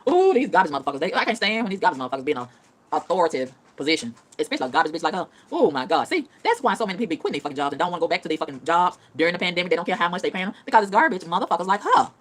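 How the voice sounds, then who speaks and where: A woman's voice: on the low side, big pitch swings, rapid-fire. A woman ranting casually to her audience in a profane, emphatic style, repeating phrases for punch. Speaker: vlogger. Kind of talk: casual rant to camera.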